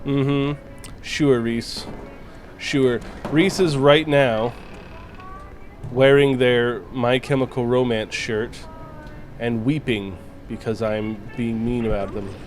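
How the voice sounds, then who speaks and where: A man's voice: medium pitch, steady tone, slow, poor audio. Joking male streamer over game music. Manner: joking, teasing, swears freely. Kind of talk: casual live-stream chat.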